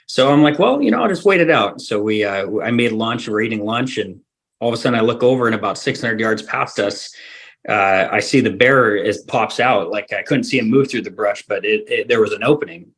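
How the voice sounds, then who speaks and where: A man's voice: fairly low pitch, a little fast, fairly bright tone. Guy from alaska telling a hunting story on a podcast, laughs a lot, acts out the dialogue. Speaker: hunting guide and guest.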